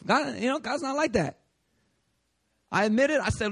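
Guy preaching, animated storytelling, fairly high voice, dry close sound. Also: normal speed, no echo. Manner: animated storytelling, acts out his own prayers. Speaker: pastor. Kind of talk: sermon.

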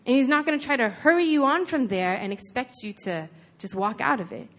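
A woman's voice: high-pitched, expressive, a little fast, a bit bright. A woman preaching a sermon in an earnest, conversational way, retelling a scripture story with lots of casual "like"s.

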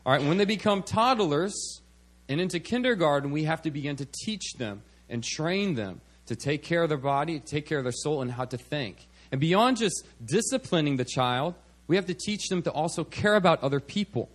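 A man with a somewhat high voice delivers a church sermon. He talks in an easy, conversational way and keeps checking in with the congregation through little "okay"s and "all right"s. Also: animated, normal speed. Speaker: preacher. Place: church service.

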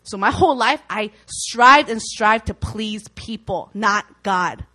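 A woman's voice: medium pitch, slow pace, sharp tone, low-quality recording. A young woman giving an informal, earnest Christian teaching in a conversational way, acting out worried inner voices as she goes. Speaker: Christian speaker.

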